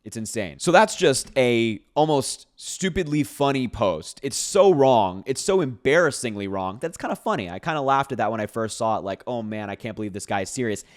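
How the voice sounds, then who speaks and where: A man talks straight to the camera in a casual commentary, his voice sitting at an ordinary middle pitch. He sounds sarcastic and incredulous as he reacts to posts, and short laughs break up his points. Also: animated, moderate pace, hardly any pauses. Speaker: political commentator.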